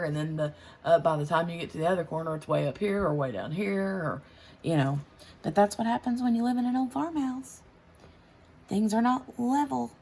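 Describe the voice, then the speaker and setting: A woman's voice: fairly low pitch, darkish tone. A woman, chatting casually on her craft channel while she works, rambling with lots of fillers and restarts. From United States.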